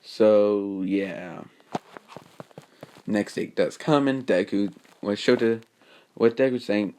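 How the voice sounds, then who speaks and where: A man casually narrating an improvised fan story, rambling and halting, with many fillers and self-corrections. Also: fairly low pitch, a little mellow, a little hiss or hum.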